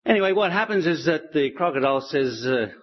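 A man telling stories to an audience in a relaxed, chatty way. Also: a little high, fairly quick, highs cut off. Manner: relaxed, chatty, with light laughs. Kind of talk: storytelling talk to an audience.

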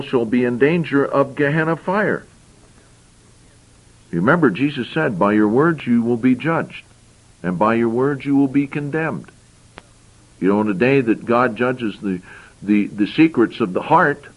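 A man's voice: mid-range voice, phone-quality sound. A man preaching a sermon, reading scripture verses aloud and explaining them, with frequent repeated phrases.

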